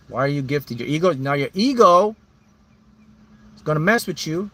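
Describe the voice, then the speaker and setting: A man's voice: on the high side, lively intonation, normal speed, pauses often, fairly bright tone, a little hiss or hum. A man as a manifesting mentor, speaking emphatically and repetitively to his viewers in a live motivational talk. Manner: reads out viewers' names.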